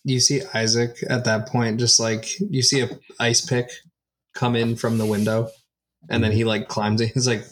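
A man's voice: medium pitch, level tone, moderate pace, a little hiss or hum. A man playing a tabletop role-playing game, easygoing and laughing often. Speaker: player.

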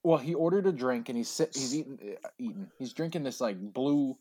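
A man's voice: mid-range voice, lively intonation, a little fast, dark tone, breathy edge, no room sound. Rambling man in a dry room. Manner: rambling, heavy use of "like". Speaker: storyteller. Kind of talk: casual chat, retelling a story.

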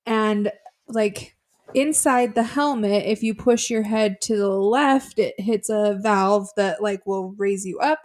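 Taking it slowly in a medium-pitched voice, a woman co-hosts a podcast, casually recapping a reality show episode. She's relaxed and agreeable, laughing along as they talk.

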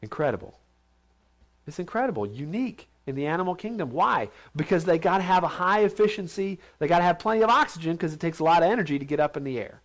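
Chatty preaching man, slightly high voice. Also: expressive, quick pace. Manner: conversational, asks questions, acts out others' voices. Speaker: preacher teaching a Bible lesson. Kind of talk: informal sermon to a group. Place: large steel building.

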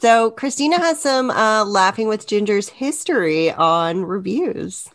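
Woman podcast co-host, mid pitch, casual chat, hearty laughs, teasing. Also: expressive, unhurried, noisy background.

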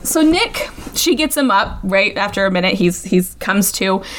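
A woman's voice: medium pitch, animated, normal speed, slight background noise. A woman chatting casually as she recaps a movie plot, with lots of fillers and asides. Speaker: podcast host.

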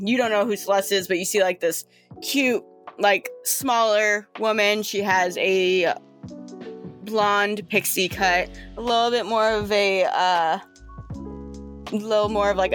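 Game master, female, mid-pitched, casual chatty narration over faint background music. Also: a bit bright. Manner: chatty, with many fillers and restarts.

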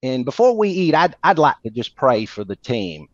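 A man voicing a loud Southern man leading a mock prayer, in a Southern US accent, on a dull, dry recording. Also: medium pitch, very animated, moderate pace, no echo, lightly acted. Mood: announcing.

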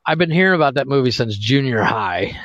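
Gravelly, teasing man on a podcast. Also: mid-range voice, lively intonation, fairly quick, fairly bright tone, dry recording, dull audio. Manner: teasing, laughing, swearing. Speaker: podcast co-host. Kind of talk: crude casual banter.

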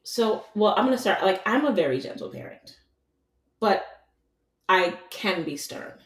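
A woman's voice: mid-range voice, a little slow, echoey room, recorded from a distance. A woman guest, a mother of a toddler, talking in a chatty way with lots of fillers. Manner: chatty, frequent fillers, animated storytelling. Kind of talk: casual chat.

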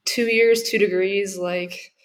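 A woman's voice: medium pitch, fairly even intonation, takes it slowly. A young woman in her twenties speaks as a guest on an interview podcast. She answers casually, with frequent fillers and self-corrections. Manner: hesitant, many restarts and fillers. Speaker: podcast guest, doctoral student.

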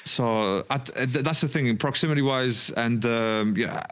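A man co-hosting a sports podcast in casual chat, halting and often repeating himself. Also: medium pitch, slight background noise. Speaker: podcast co-host. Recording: dull lo-fi sound.

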